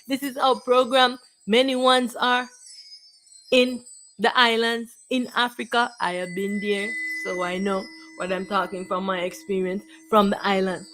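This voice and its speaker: A woman's voice: mid-range voice, fairly even intonation, moderate pace, fairly bright tone, soft background music, poor audio. A woman giving a repetitive, declamatory spiritual monologue. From Jamaica. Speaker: spiritual teacher.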